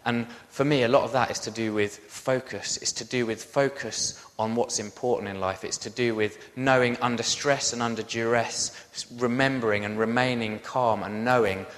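A man's voice: medium pitch, moderate pace, few pauses. Man preaching in an echoey hall. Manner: animated storyteller, self-deprecating asides. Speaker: pastor. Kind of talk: sermon storytelling.

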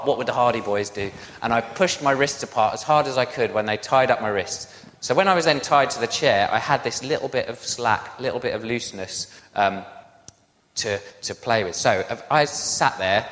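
A man, a pastor, telling a personal story in a sermon with lively, self-deprecating asides. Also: medium pitch, big-room sound.

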